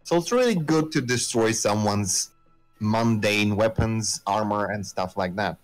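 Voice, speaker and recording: Guy running a d&d game, slow and unhurried, kinda low voice, lots of uhs, faint music behind. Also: rough recording. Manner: slow, hesitant narration with many fillers. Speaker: game master. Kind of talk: narrating a tabletop game.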